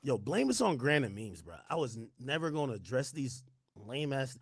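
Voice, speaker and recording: A man hosting a livestream, talking casually to chat in slangy speech, hoarse and losing his voice. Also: medium pitch, big pitch swings, fast talker, dry recording, studio quality. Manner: slangy, loose, switches to whispering. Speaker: livestream host.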